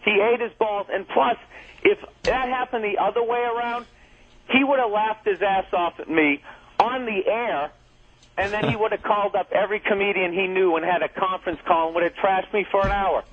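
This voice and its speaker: A high-pitched man argues with indignant, profane energy as a comedian guest on a talk radio show. The audio is narrow and tinny, like a phone line. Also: fairly even intonation, a little hiss or hum. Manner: profane, indignant, fast ranting. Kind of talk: heated on-air argument.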